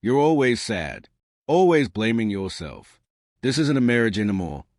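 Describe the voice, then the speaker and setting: A man voicing a tired, distant husband in an audio story, speaking flatly and firmly. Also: mid-range voice, normal speed, dry recording, studio quality. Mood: cold, tired. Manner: flat, cold, firm.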